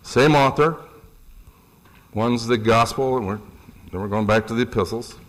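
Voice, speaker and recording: A middle-aged man preaching a sermon, animated, rising in pitch for emphasis and asking the congregation questions. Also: normal speed.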